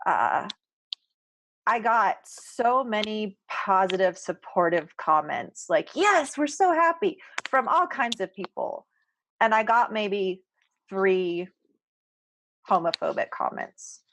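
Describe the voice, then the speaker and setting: A woman's voice: medium pitch, expressive, takes it slowly, fairly bright tone, slight background noise, rough recording. A woman co-hosting a podcast roundtable, speaking earnestly and close to tears, often repeating words. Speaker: podcast co-host. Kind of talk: emotional roundtable chat.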